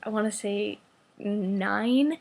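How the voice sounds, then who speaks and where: Breathy young woman gushing in whispers. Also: mid-range voice, slow pace, darkish tone. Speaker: vlogger. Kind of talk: excited storytime chat.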